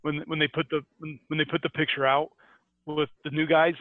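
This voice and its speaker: A man's voice: a little high, little pitch movement, brisk, dry recording. Scottish man on a tinny phone-like line. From Scotland. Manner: chatty storyteller with many "uh" fillers and laughs. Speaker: podcast co-host. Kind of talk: casual chat.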